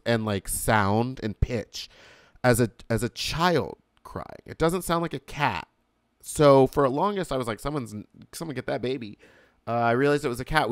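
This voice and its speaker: A man hosting a podcast, delivering a casual comedic monologue with profane ranting and sudden shouted outbursts. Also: mid-range voice, clear, resonant tone, no echo, clean studio sound. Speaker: podcast host.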